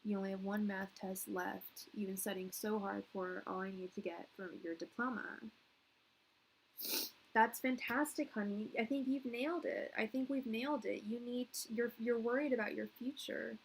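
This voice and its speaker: On a tarot livestream, a thirties-aged woman reads cards while tearful, rambling in an earnest way full of "like" and restarts. She speaks at a moderate pace in a medium pitch, and the poor audio carries a little hiss or hum.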